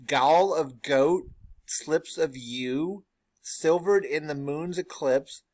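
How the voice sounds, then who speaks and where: A man reading Shakespeare's witches aloud in a slow, drawn-out dramatic chant. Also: fairly high pitch, darkish tone, voice pushed up. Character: three chanting witches in a cavern.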